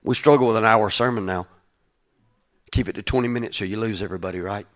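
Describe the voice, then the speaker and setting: A man, preaching a conversational sermon full of restarts, building to louder passionate peaks. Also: fairly low pitch, fast talker. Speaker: pastor.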